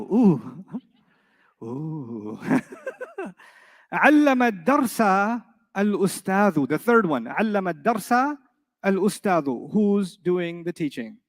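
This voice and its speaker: A middle-aged man with a high voice teaches a live class. He is playful, keeps throwing questions at the students and often answers them himself. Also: big-room sound. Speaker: Arabic teacher.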